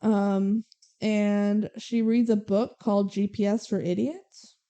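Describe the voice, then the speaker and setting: A woman's voice: medium pitch, level tone, takes it slowly, warm tone, smooth, lo-fi sound. A young woman co-hosting a podcast, casually recapping a movie scene by scene and quoting the characters, with lots of "like" and "um.". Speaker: podcast co-host.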